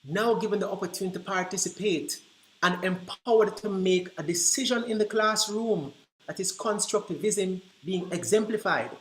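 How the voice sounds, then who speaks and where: A man presenting to early childhood teachers, telling classroom stories in an animated way and acting out the dialogue. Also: high-pitched, moderate pace, a little hiss or hum. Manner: animated, acts out quoted dialogue. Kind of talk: storytelling presentation. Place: conference room. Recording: roomy echo.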